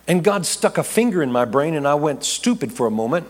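A man's voice: fairly high pitch, a little fast, few pauses, breathy edge. A man preaching, telling a personal story with jokes, restarts and repeated words. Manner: animated, rambling with repeated restarts, jokey asides. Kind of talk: storytelling sermon. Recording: long reverb of a large hall.

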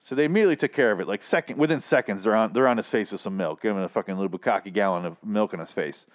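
A man's voice: fairly low pitch, racing. A man recapping a TV episode into his own microphone in a rambling, profane, sardonic way. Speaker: show recap host. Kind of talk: casual TV recap monologue.

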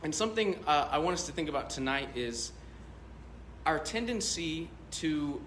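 A man's voice: a little high, lively intonation, normal speed, a bit bright, reverberant, a little hiss or hum. A male pastor preaching a sermon, telling a story in a loose, conversational way with many fillers.

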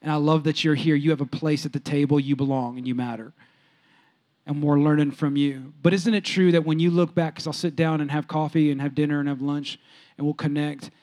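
A man preaching a sermon with audience interaction, telling casual stories and swinging from soft, low asides to loud, excited peaks. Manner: animated, jumps sharply higher and louder when excited, then drops soft; conversational, storytelling preacher with casual slang. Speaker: pastor.

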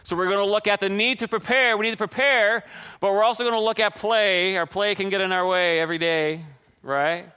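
A man preaching a sermon to a congregation, animated and often checking in with "right?". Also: high-pitched, a little fast, smooth, in a large hall. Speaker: pastor.

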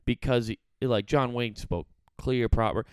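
A man's voice: mid-range voice, unhurried, a little mellow, clean tone, no room sound. A young man hosting a casual podcast chat, ranting profanely with lots of filler words. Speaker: podcast host. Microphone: studio mic.

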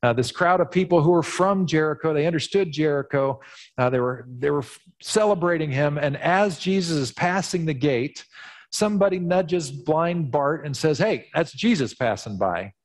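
A male pastor preaching a sermon in an animated storytelling manner, acting out the voices. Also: a little high, normal speed. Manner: animated storytelling, acts out quotes.

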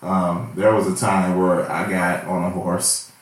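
Low-voiced joking host, very echoey room. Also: male voice, little pitch movement, far from the mic. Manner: joking, crude, quick to laugh. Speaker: podcast host. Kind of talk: casual banter.

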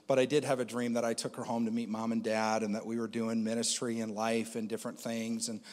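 A man's voice: medium pitch, flat delivery, fast talker, a little mellow, long reverb tail. A man giving a conversational personal testimony as a Christian speaker, with lots of fillers.

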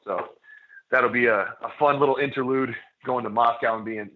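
A man's voice: mid-range voice, steady tone, moderate pace. A man, a wrestler guest on a casual podcast, telling a long rambling story with many fillers and restarts. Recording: echoey, phone-like lo-fi sound.

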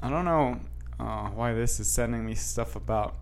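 A man's voice: medium pitch, moderate pace, creaky, slight background noise. A man chatting casually to his viewers and reading news headlines aloud, rambling with many restarts, fillers and asides. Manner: talks straight to viewers. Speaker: vlogger.

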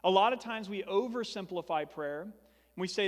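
A young male pastor preaching with a high, earnest voice. He piles up phrases for emphasis, and his words ring with the long reverb of a large church hall. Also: moderate pace. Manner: earnest, building to emphatic repetition. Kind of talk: sermon.

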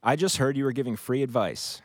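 A man's voice: mid-range voice, brisk, no room sound, clean studio sound. A man co-hosting a podcast in casual chat, making wry remarks and laughing along. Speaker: podcast co-host.

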